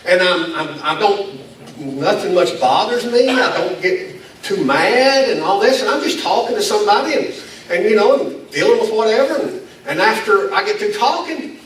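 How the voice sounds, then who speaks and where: A man's voice: high voice, lively intonation, moderate pace, a bit bright. A male pastor, preaching a folksy, self-deprecating sermon and chuckling now and then. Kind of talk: conversational sermon. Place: church meeting in a school building. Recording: echoey hall, distant mic, faint noise.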